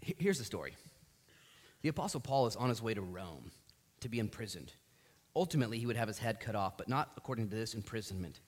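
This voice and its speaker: A man preaching a sermon as pastor of a church, telling the story with lively acted-out voices. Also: medium pitch.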